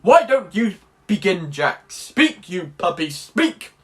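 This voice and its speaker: A young man putting on a pompous, barking old 18th-century gentleman scolding his son. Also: high-pitched, sing-song, slow, heavily acted. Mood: blustering.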